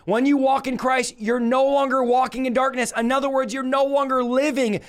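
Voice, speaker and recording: High-voiced emphatic male preacher. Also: level tone, fairly quick, hardly any pauses. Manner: emphatic, preachy, calls on viewers. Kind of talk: livestream Bible teaching.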